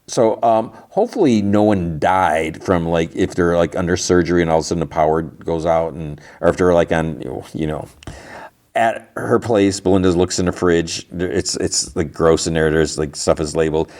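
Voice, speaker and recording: A podcast host with a low, slightly mellow voice casually recaps a TV episode. He rambles, using plenty of fillers and frequent restarts.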